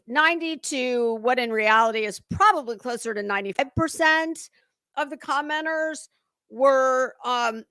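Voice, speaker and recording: A woman's voice: a little high, a bit bright, clear, resonant tone, dry recording. A woman hosting a casual livestream commentary, talking in a sarcastic, mocking way and chatting to viewers. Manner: sarcastic and mocking, with lots of fillers.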